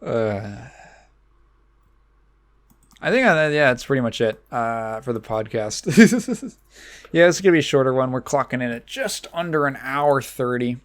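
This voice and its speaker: A man's voice: mid-range voice, animated, measured pace, pauses often. A man hosting a casual solo podcast, rambling along with many fillers and restarts. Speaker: podcast host.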